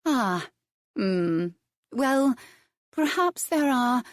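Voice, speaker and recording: A woman's voice: on the high side, expressive, drawn-out words, no echo, clean studio sound, pitched above the performer's own voice. A woman voicing a playful young lady who feigns wide-eyed innocence while teasing a man. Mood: coy, teasing.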